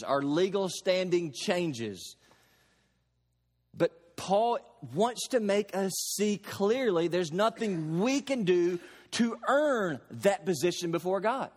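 Man preaching in a reverberant hall. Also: high-pitched. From Kentucky. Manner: emphatic preaching with slow stressed phrases and homely examples. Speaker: pastor. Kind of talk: sermon.

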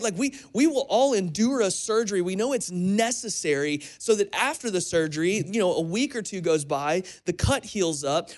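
A man preaching a sermon as pastor, telling stories in a conversational way with frequent restarts. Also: high voice. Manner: conversational storytelling with repeated restarts.

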